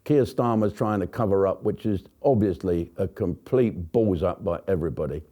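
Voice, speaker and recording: A man's voice: low voice, moderate pace, warm tone. A man hosting a comic news rant, profane and sarcastic, with frequent swearing. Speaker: comedian host.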